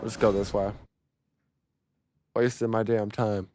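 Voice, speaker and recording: A young man cursing his way through a game, talking to himself and breaking into loud exclamations. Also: on the low side, little pitch movement, slow pace, no echo. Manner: profane, talks to himself, bursts into loud exclamations. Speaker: gamer. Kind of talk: live gameplay commentary.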